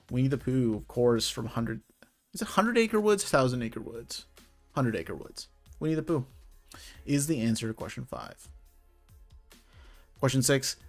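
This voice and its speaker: A man hosting an online trivia night, reading out answers in a chatty, rambling way and correcting himself as he goes. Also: mid-range voice. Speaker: trivia quiz host. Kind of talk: casual live quiz hosting.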